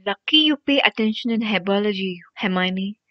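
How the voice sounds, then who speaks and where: A woman's voice: mid-range voice, animated, normal speed, lightly acted. A woman reading an audiobook, voicing a brave eleven-year-old boy wizard who speaks urgently and breathlessly when in danger. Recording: dry, dull lo-fi audio.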